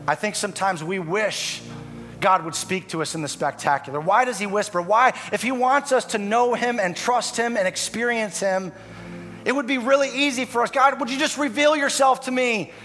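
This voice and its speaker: A man preaching a sermon in a church, impassioned, swinging from hushed tones to loud emphasis. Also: high voice, moderate pace, a little hiss or hum. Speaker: pastor. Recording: reverberant hall with soft music.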